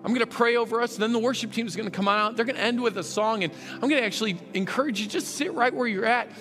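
A man's voice: extremely high pitch, fast, sharp tone, faint music behind. A man preaching a sermon as a pastor, earnest and rising to fervent emphasis. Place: church sanctuary. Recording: long hall reverb.

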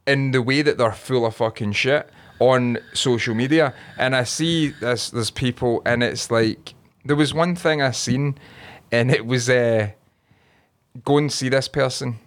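A man's voice: mid-range voice, fairly even intonation, unhurried. A Scottish man chatting casually, sweary and rambling, often laughing. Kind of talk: casual banter.

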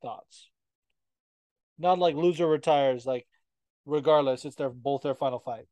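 A man co-hosting a podcast, chatting casually and swearing often as he tells animated stories. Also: medium pitch, measured pace, no room sound. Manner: swears often, animated storytelling with quoted asides. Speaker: podcast co-host. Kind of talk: casual chat.

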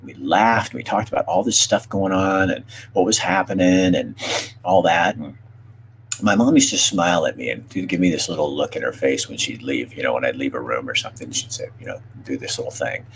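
A middle-aged man with an extremely deep voice hosts a podcast and shares personal stories. He talks candidly and emotionally, often pausing and restarting his sentences. A faint hum runs underneath. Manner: halting, with many pauses and restarts. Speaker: podcast host. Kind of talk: heartfelt personal storytelling.

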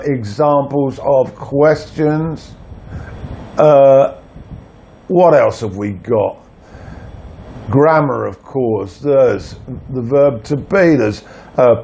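Guy, slow and gravelly, language teacher, lots of uh pauses. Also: mid-range voice, a little mellow. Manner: slow, measured, with frequent hesitations. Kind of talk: spoken lesson, reciting lyrics.

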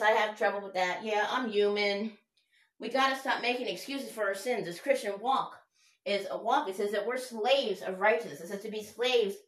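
A woman's voice: medium pitch, a bit bright. A woman preaching an informal sermon in an earnest, conversational way. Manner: earnest, conversational, fumbles while looking up verses. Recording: echoey room.

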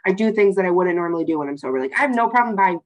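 A woman's voice: on the low side, lively intonation, rapid-fire, dull audio. A young woman co-hosting a podcast, telling a story in casual chat, swearing freely and laughing as she goes. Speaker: podcast co-host.

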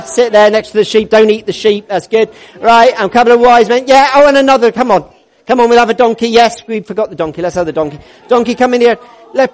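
A man leading a church congregation, upbeat and jokey as he coaxes people into place. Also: extremely high pitch. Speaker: church service leader.

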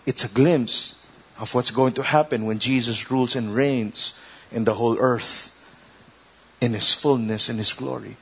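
A man preaching a sermon as a pastor, mixing English and Tagalog and building to loud, emphatic declamations. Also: medium pitch, fairly even intonation, a little slow, breathy edge. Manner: switches between English and Tagalog, rising to loud declamations when quoting Jesus.

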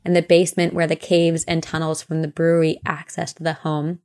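A young woman co-hosting a podcast, casually recounting ghost lore in a chatty, animated way. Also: low-pitched, fairly quick. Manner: chatty, animated retelling with quoted voices. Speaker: podcast co-host.

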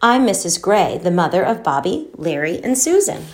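A woman's voice: on the low side, sing-song, moderate pace, darkish tone. Woman doing a worn-out mom, patient but exasperated, near-natural voice. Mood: coaxing. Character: weary, desperate mother of three.

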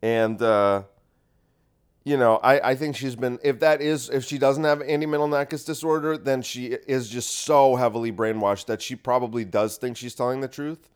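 A man's voice: mid-range voice, moderate pace, smooth. Rambling, profane, congested male podcaster. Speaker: podcast host. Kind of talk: solo podcast monologue.

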